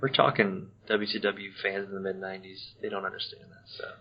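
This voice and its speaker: A man co-hosting a casual wrestling podcast, chatty and quick to laugh. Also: low voice, little pitch movement. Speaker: podcast co-host. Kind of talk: casual chat recapping wrestling. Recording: dull lo-fi podcast audio.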